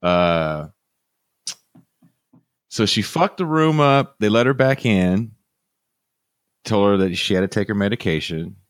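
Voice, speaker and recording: Deep-voiced man, wry and dry. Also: expressive, a little slow, long pauses, no room sound. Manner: casual, wry, sardonic. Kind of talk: casual storytelling.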